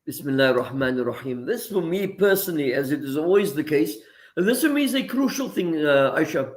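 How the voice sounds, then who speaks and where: As the regular guest on a radio talk segment, a man with a slightly high, lively voice speaks a little fast. Earnest and a bit preacherly, he offers reflective commentary, works through everyday examples and uses Arabic phrases.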